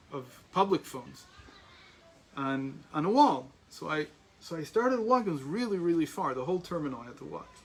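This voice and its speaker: A man from America in his forties teaches a class in a rambling, anecdotal way. He restarts sentences often and drops asides. His voice sits a little high, with a faint hum of background noise. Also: gravelly, rough recording. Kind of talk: storytelling lecture.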